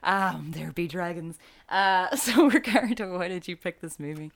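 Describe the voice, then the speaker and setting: A woman's voice: fairly low pitch, normal speed, vocal fry. A young woman co-hosting a film podcast, chatting casually and laughing often. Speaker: podcast co-host.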